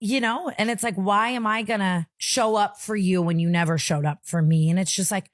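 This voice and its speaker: A woman's voice: medium pitch, a little fast, few pauses, no room sound. A young woman in her twenties hosting a podcast, telling a painful family story in casual chat, close to tears and heavy on fillers. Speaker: podcast host.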